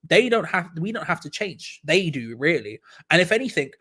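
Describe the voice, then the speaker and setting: A young man with a slightly rough, somewhat high voice, speaking at a moderate pace, runs a live football watch-along stream. He is excitable, often laughing and repeating phrases as he reacts.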